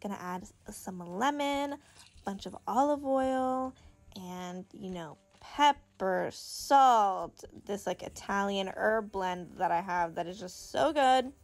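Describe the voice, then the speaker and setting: A young crafting vlogger chats casually, bubbly and gushing, sometimes counting stitches under her breath. She speaks slowly at a medium pitch, with no echo.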